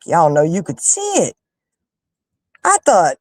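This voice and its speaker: A woman hosting a casual chat with her viewers, telling stories in an animated, emphatic way and fussing loudly when annoyed. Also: low voice, slow pace, pauses often, dry recording. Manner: animated, emphatic storyteller who rants and fusses. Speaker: livestream host chatting with viewers.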